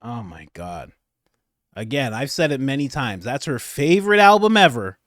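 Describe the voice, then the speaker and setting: Brief: male comedian, lively swooping delivery, dry close mic. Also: medium pitch, normal speed, no echo. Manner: animated, laughing, incredulous. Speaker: comedian commentator. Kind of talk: comedic political commentary.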